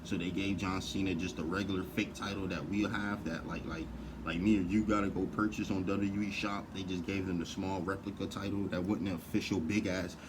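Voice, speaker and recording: A man's voice: sits low, level tone, a little fast, background noise. A man on a heated, profane, rambling rant to camera.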